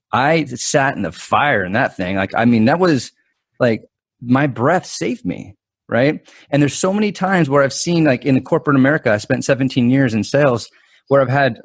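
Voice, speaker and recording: Animated storytelling man in his forties. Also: medium pitch, husky, dry recording. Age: 40s. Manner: animated, quick-talking storyteller with frequent restarts. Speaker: guest, mental performance coach. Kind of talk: conversational storytelling.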